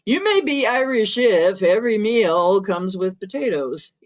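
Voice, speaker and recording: A woman's voice: medium pitch, expressive, measured pace. A middle-aged woman hosting a live stream in casual chat, rambling and chuckling often as she reads comments and talks to her cat.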